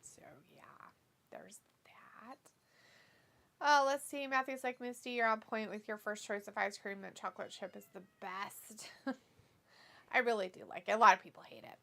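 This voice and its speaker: A woman's voice: medium pitch, steady tone, a little fast, gravelly, a bit bright. A woman co-hosting a casual livestream watch-along, reading viewer comments aloud with frequent giggles.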